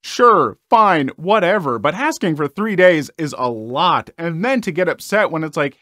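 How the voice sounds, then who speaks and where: Animated man reading stories. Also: a little high, a little slow, hardly any pauses, no room sound, clean studio sound. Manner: animated, exclaims and comments between readings. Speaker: story reader and commentator. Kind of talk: reading internet stories aloud with commentary.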